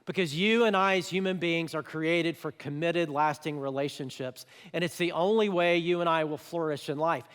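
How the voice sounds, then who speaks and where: High-voiced pastor preaching in a hall. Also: male voice, normal speed, hardly any pauses, clear, resonant tone. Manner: conversational, animated, with voiced asides. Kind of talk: sermon. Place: church auditorium. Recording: church hall with long reverb.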